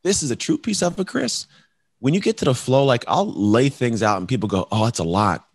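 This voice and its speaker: A man's voice: mid-range voice, very animated, brisk, breathy edge, dry recording. A man who works as a coach and speaker, talking emphatically as a guest and acting out conversations with his clients. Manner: emphatic, acts out client dialogues, calls people bro. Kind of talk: energetic motivational talk.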